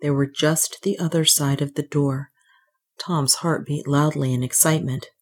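A woman with a low voice reads a story aloud. Her delivery is steady and even, a calm scripted narration. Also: moderate pace.

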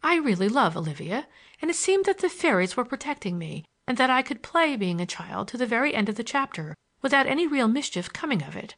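A woman reading a storybook, voicing an anxious young society girl who pleads in a hurried, soft way. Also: a little high, sing-song, pitched above the performer's own voice, heavily acted. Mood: wistful. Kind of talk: audiobook character voice.

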